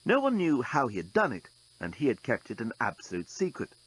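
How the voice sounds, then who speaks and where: A man's voice: mid-range voice, wildly swooping pitch, a little fast, a little hiss or hum, rough recording. A man narrating an audiobook in a dry, wry storytelling manner.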